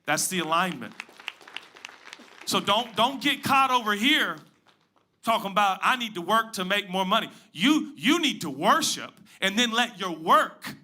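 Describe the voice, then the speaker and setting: Male pastor, sermon delivery, very bright tone, slightly high voice, big swings from loud to hushed. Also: lively intonation, unhurried, a faint crowd. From Pacific Northwest. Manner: dynamic preaching, swings from loud emphatic highs to hushed low asides.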